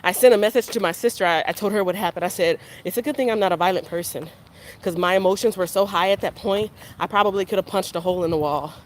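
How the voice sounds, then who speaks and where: A woman records a casual vlog on a walk around her neighborhood, her voice at an ordinary middle pitch. She rambles, circles back and repeats herself as she candidly criticizes herself. Faint outdoor ambience sits behind her. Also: fast, a little hiss or hum. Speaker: vlogger.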